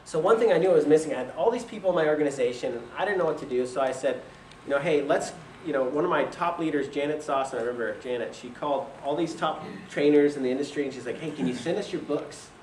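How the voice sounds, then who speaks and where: A young man tells a casual story, laughs often, and acts out what other people said. His voice sits fairly high. He is recorded from a distance in an echoey room with faint ambience behind him. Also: fast, a little mellow, slight background noise. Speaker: speaker telling his business story. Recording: roomy echo from a distant mic.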